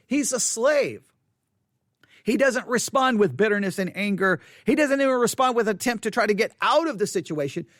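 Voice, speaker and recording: A man's voice: high-pitched, fairly bright tone, dry recording, clean studio sound. A man leading a conversational Bible study, talking emphatically and often repeating or restarting his phrases.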